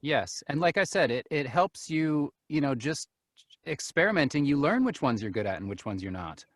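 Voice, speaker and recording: A man talking as a guest in a casual call, relaxed and thoughtful, pausing to find his words. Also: a little high, no echo, studio quality. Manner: relaxed, thoughtful, hesitant fillers. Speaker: guest narrator. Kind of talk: casual video-call chat.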